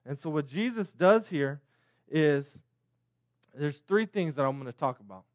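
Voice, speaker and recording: Halting pastor with a dry sound. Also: male voice, fairly high pitch, animated, no echo. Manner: halting, repeats words, frequent "Lord" and "right?". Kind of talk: sermon.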